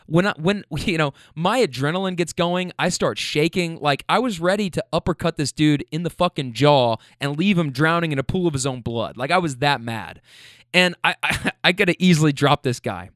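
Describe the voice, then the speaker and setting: A man's voice: a little high, a bit bright, no room sound, clean studio sound. A young man animatedly retelling a bar confrontation in a casual, profane monologue, full of restarts and heated quoted lines. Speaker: storyteller.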